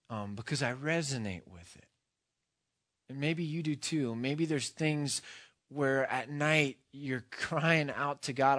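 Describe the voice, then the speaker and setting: A man's voice: mid-range voice, a bit bright, no room sound, studio quality. Earnest man reading a story aloud. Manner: earnest and reflective.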